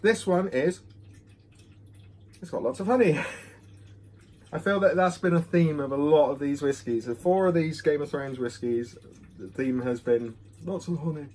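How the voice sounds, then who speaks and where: A man's voice: a little high, unhurried, pauses often, darkish tone. Rambling, chatty man reviewing whisky. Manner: chatty, self-deprecating, full of ums. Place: home room. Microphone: phone camera.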